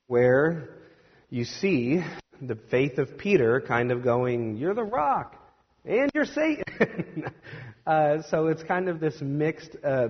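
A man preaching a conversational sermon, animated and acting out the voices of the people he quotes. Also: mid-range voice, slightly rough. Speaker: pastor. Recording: dull roomy recording with long reverb.

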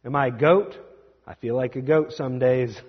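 A young man preaching a sermon as a pastor, conversational and self-deprecating, with quick asides. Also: medium pitch, breathy edge, in a large hall, lo-fi sound.

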